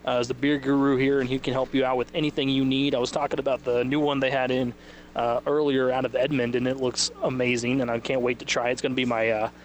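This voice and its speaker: Brief: male sports radio host, middle pitch, talks off the cuff, broadcasting live on location. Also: slight background noise. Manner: animated, quick asides, mimics others' voices. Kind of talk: casual sports radio banter. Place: radio setup broadcasting live from a liquor store.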